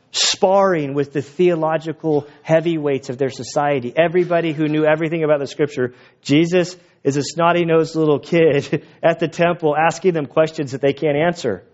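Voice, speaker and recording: A man preaching as a pastor, conversational and animated, with quick asides. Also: fairly high pitch. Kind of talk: sermon. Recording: dull lo-fi recording.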